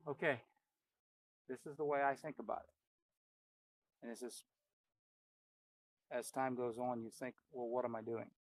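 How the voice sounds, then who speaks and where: A piano teacher with a steady, mid-range voice talks a little slowly, with long pauses, through a casual ear-training lesson. He names the notes he plays and thinks aloud, as the piano rings loudly behind him.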